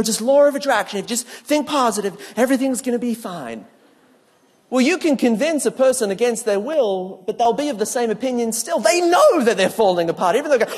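A man preaching a sermon that mixes scripture and neuroscience, telling stories with humor and acting out what people say. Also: very high voice. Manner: animated storyteller who acts out quotes with humor. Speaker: preacher and speaker. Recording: long hall reverb.

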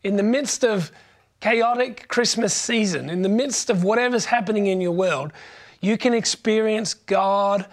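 High-voiced preacher telling a story. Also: male voice, a little slow. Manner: conversational and humorous, frequent restarts. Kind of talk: sermon with personal storytelling.

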